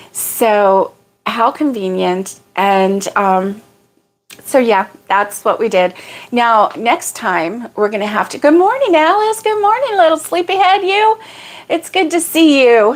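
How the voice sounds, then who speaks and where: Chatty woman hosting a homey livestream. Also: medium pitch. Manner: rambling and homey, greets viewers by name in a lifted voice. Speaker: livestream host. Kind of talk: casual morning livestream chat.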